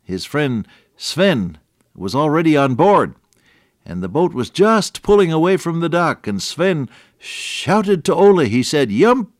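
A radio preacher delivers a sermon, telling stories conversationally with chuckles and restarts, building to earnest, emphatic peaks. His voice sits on the high side with big pitch swings and a slightly slow pace, in a dry, clean studio recording.

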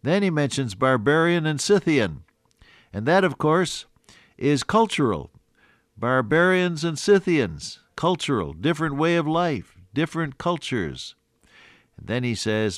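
An older man preaching a sermon, teaching slowly and deliberately from a Bible passage, with frequent hesitant restarts. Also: medium pitch, dry recording, studio quality.

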